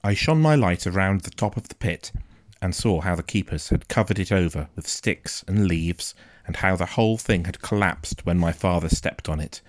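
A man narrating a first-person story in a quiet, measured, suspenseful way. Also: sits low, animated, dry recording, clean studio sound. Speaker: audiobook narrator.

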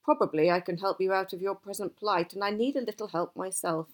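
A woman voicing an old male wizard who is gruff and easily cross, talking emphatically in a storybook reading. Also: mid-range voice, a little fast, lightly acted. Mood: grave. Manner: emphatic, exasperated outbursts.

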